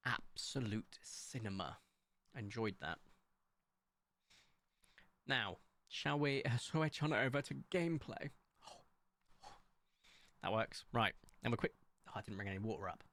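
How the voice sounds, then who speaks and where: A man's voice: slow pace, pauses often. Chatty man streaming. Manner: chatty and excitable, sudden jumps up in pitch. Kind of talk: casual live-stream chat.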